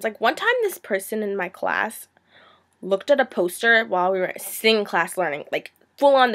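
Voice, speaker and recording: A woman's voice: medium pitch, fairly bright tone. A teenage girl ranting in a vlog, sarcastic and exasperated, now and then slipping into mocking impressions. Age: teens. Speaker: vlogger.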